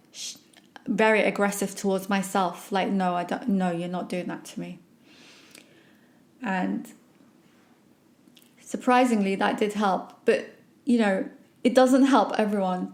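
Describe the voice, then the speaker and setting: A woman hosting a podcast and telling a personal story in an emphatic, animated way. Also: medium pitch, creaky. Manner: emphatic, animated, acts out quoted remarks. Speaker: podcast host.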